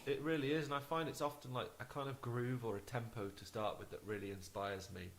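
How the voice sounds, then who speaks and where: A man's voice: mid-range voice, steady tone, brisk, a little hiss or hum, poor audio. A man speaking as an interview guest, chatty and easygoing, with frequent restarts. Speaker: guest musician. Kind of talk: casual interview chat.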